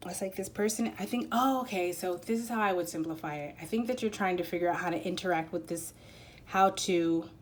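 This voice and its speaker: Her lowish voice moves briskly over a faint hiss or hum as she gives viewers an informal spiritual card reading. The tarot and oracle reader wanders and hesitates, filling her speech with fillers and starting over often.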